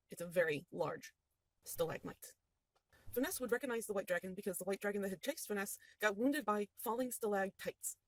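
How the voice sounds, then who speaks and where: A woman's voice: mid-range voice, no echo, poor audio. Playful woman recapping a tabletop game. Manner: playful storytelling. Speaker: game master.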